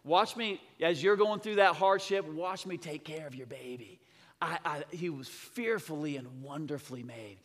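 A man's voice: fairly high pitch, normal speed. A male pastor voicing God in a sermon, speaking earnestly with repeated assurances. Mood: reassuring. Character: God speaking, calm, reassuring male deity. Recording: long church hall reverb.

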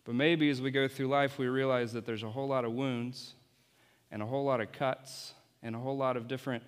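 A man leads an object-lesson sermon in a large hall, with his words ringing out in long reverb. His voice sits at an ordinary pitch, and he jokes with and coaches the volunteers beside him in a playful way. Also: fairly even intonation, a little fast, clear, resonant tone.

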